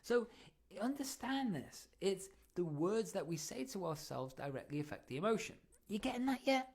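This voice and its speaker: A man hosting a motivational podcast, coaching listeners with energetic questions. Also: high voice, moderate pace, gravelly. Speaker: podcast host.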